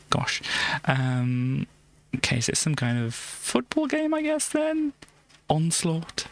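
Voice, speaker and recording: Streaming live, a woman chats casually and giggles while reading through an old games magazine, often trailing off into soft asides. Her low, gravelly voice swoops wildly in pitch, and she speaks slowly with long pauses.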